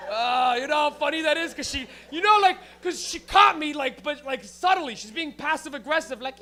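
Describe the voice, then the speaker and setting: A man's voice: extremely high pitch, sing-song, unhurried, long pauses, pushed and bright. A young man doing loose, profane stand-up in a club, riffing with the crowd and laughing at his own bits. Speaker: stand-up comedian. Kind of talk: live stand-up comedy. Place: comedy club with a live audience.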